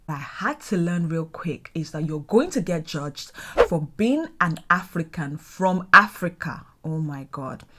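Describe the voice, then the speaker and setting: Young Nigerian woman, expressive vlogger, dramatic and exclamatory. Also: lowish voice. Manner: animated, dramatic, exclamatory storytelling. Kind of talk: casual vlog talk.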